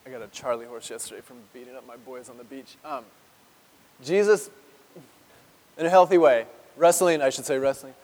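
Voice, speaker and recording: A man's voice: mid-range voice, moderate pace, pauses often, darkish tone, in a large hall. A man preaching a sermon as pastor, talking conversationally and asking his congregation questions. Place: church sanctuary.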